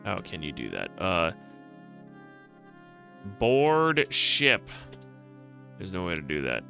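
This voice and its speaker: A man's voice: low voice, wildly swooping pitch, slow, creaky, bright, forceful tone, soft background music. A man streaming a retro adventure game, joking around and reading the game's text aloud. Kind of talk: casual game commentary.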